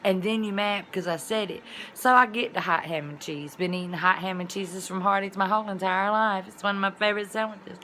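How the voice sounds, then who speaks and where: Woman vlogger, bright and forceful, animated casual storyteller. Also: medium pitch, brisk, hardly any pauses, slight background noise. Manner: animated, colloquial storytelling with sudden loud exclamations.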